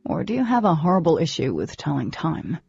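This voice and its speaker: A woman's voice: low-pitched, huge pitch swings, fairly quick, gravelly, darkish tone, breathy edge, no room sound, highs cut off, soft background music, full character voice. Woman voicing a cocky teenage boy. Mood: mocking. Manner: dismissive, teasing.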